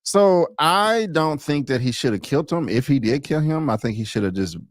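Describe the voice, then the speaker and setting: A man co-hosting a casual TV review chat, hesitant, with many pauses and repeated words. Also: fairly high pitch, expressive, dry recording. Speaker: co-host reviewing a TV episode.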